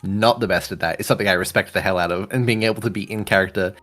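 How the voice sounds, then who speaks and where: A man from Australia hosting a podcast, talking quickly and eagerly and acting out quotes. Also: on the low side, a bit bright, soft background music. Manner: quick, enthusiastic, laughing, acts out quotes. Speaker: podcast host. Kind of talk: casual chat.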